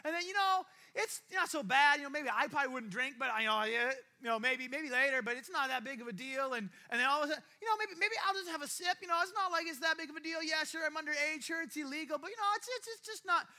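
A man's voice: extremely high pitch, fast talker, hardly any pauses, bright, forceful tone, full character voice. A man acting out an underage teenager who talks himself into partying, rambling and self-justifying. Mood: casual, excusing. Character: underage teen boy sliding into partying, rationalizing.

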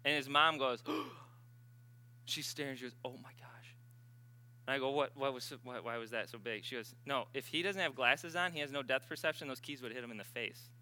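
Animated bright-voiced male preacher. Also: mid-range voice, quick pace, few pauses. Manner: animated, swings from loud exhortation to hushed retold dialogue. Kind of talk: sermon storytelling.

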